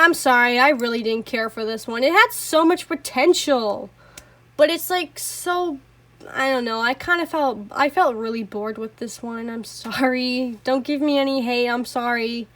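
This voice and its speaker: A woman's voice: high voice, fairly bright tone. A woman reviewing anime in a casual, rambling rant, swearing often, apologizing and laughing between thoughts. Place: home.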